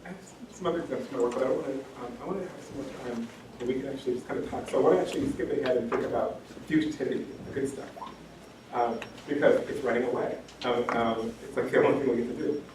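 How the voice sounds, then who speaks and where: A very fast-talking man with a medium-pitched voice lectures on education from a lectern. Earnest and impassioned, he repeats phrases for emphasis and fills pauses with ums, while a distant mic picks up heavy hall reverb and faint noise.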